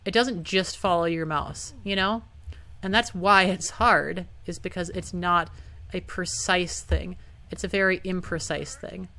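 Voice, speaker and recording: A woman's voice: fairly low pitch, unhurried, bright, forceful tone. A young woman playing a hard computer game and talking casually through it, often frustrated and swearing. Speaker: gaming YouTuber. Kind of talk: casual let's-play commentary.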